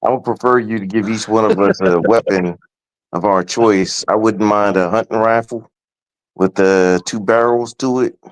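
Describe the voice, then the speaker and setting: A man on a gaming panel drops deadpan, wry quips. His voice sits on the low side. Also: moderate pace, poor audio. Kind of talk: casual live-stream chat.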